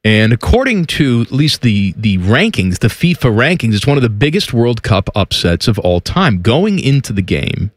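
A man co-hosting a podcast, chatting casually in a teasing, deadpan way. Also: mid-range voice, normal speed, few pauses, no echo. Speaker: podcast co-host. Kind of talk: casual chat.

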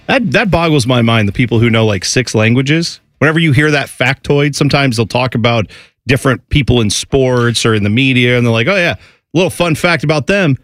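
A man from Central Ohio co-hosting a casual chat show, animated and quick to slip into mocking put-on accents. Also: mid-range voice, no echo, studio quality. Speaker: podcast co-host.

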